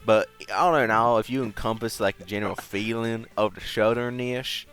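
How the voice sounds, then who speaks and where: A man's voice: on the low side, a bit bright, soft background music. A man hosting a livestream, chatting casually with many fillers and restarts. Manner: halting, filler-heavy. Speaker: livestream host. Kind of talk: casual chat.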